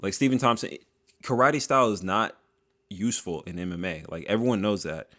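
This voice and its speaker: A man giving a casual, joking commentary monologue, full of slang and drawn-out asides, as a video creator. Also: lowish voice, a bit bright.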